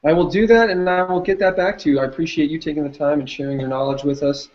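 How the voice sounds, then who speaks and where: A man's voice: fairly high pitch, quick pace, darkish tone, muffled recording. A man speaking as an entrepreneur guest in a casual chat, sharing experiences and laughing easily. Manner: chatty, laughs easily, uses fillers. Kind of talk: casual conversation on a call.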